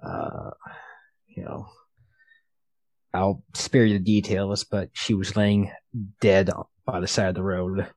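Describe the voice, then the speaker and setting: A man playing a character in a tabletop game, calm and matter-of-fact. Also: low-pitched, takes it slowly, long pauses, dry recording, low-quality recording. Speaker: player. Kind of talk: in-character tabletop role-play.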